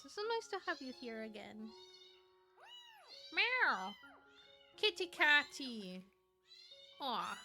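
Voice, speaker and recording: A woman's voice: fairly high pitch, sharp tone. A woman streamer chatting casually on a livestream, gushing and cooing in baby talk at a cat video. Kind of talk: casual livestream reaction chat.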